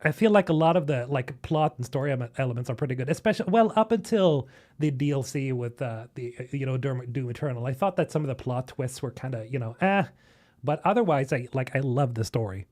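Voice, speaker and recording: A young man from Sweden reacting to game trailers on a live stream, excitable and swearing, talking to chat. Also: medium pitch, brisk. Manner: excitable, swearing, chatting with viewers. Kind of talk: casual live-stream commentary.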